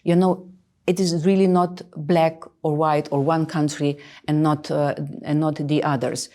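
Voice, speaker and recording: Interview guest, woman in her 60s, low mellow voice, emphatic, hesitant delivery. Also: little pitch movement, measured pace. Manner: emphatic, hesitant with many fillers. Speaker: interviewed official. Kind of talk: earnest interview answers.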